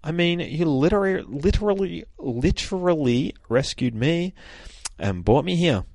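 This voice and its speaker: A man's voice: on the high side, animated, measured pace, vocal fry, darkish tone, no room sound, voice pushed up, exaggerated voice. A man voicing an earnest, grateful young woman from a comic, speaking emphatically and repeating himself.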